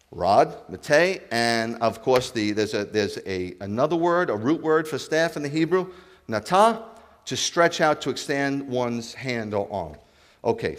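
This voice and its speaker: A man preaching a sermon as a rabbi, animated, acting out dialogue and asking his congregation questions. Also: medium pitch, big-room sound. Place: congregation hall.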